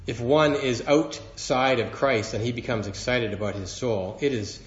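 A man's voice: medium pitch, moderate pace, roomy sound, dull audio. A man preaching a sermon to a congregation, earnest and building emphasis as he quotes scripture. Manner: earnest, rising in emphasis when quoting scripture.

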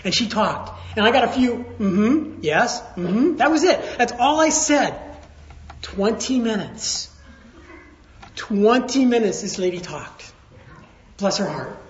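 High-voiced man preaching in a roomy space. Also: animated, measured pace, pauses often, a little hiss or hum. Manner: storytelling, conversational, swings from hushed to raised. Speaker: pastor. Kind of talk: sermon. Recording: roomy, slightly dull sound.

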